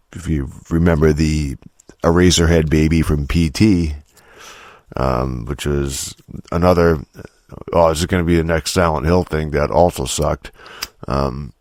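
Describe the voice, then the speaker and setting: A man's voice: very deep voice, a little mellow, dry recording, studio quality. A man hosting a solo podcast, rambling and cursing with lots of restarts and fillers. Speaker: podcast host. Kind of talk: casual solo podcast rant.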